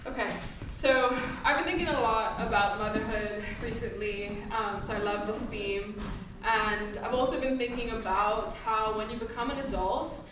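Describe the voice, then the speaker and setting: A woman's voice: a little high, moderate pace. A woman, a poet and former head of the collective, casually introducing her piece on stage with easy ums and small laughs. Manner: relaxed and chatty, many ums and little laughs. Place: live poetry event venue. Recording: very echoey hall, mic far off, background noise.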